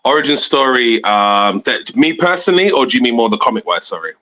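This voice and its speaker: A young man with a London accent, a guest creator chatting casually in an interview, relaxed and full of fillers, laughing often. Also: medium pitch, brisk, slight background noise, poor audio. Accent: London English. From London, England.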